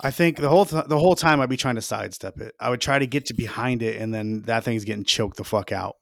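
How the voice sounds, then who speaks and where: A man's voice: mid-range voice, quick pace, gravelly, fairly bright tone, dry recording. Casting: a brash, boastful man co-hosting a podcast, swears a lot, dry close sound. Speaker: podcast co-host. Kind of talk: casual chat.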